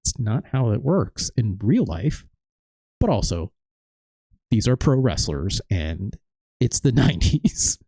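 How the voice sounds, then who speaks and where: A man's voice: lowish voice, big pitch swings, takes it slowly, vocal fry, long pauses, dark tone, dry recording. Rambling, joking let's play guy. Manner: rambling, joking, laughs often. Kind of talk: casual gameplay commentary.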